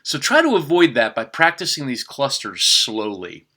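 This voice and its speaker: Bright, careful man teaching pronunciation. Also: mid-range voice, wildly swooping pitch. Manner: slow, careful over-articulated demonstration of words. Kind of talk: spoken language tutorial.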